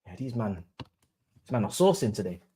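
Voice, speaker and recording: A young man hosting a live football watch-along, swinging between low murmurs and excited chanting. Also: moderate pace. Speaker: livestream host.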